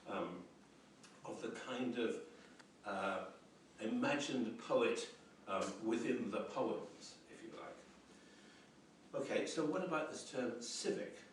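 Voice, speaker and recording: A man's voice: mid-range voice, lively intonation, slow, slight background noise. A man giving a university lecture on poetry, reflective and hesitant, with many ums and restarts. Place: lecture room. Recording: roomy echoey lecture hall, mic at a distance.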